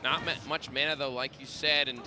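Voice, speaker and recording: A man giving live play-by-play commentary on a fighting game tournament, quick and excitable, often laughing. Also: medium pitch. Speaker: esports commentator. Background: game music.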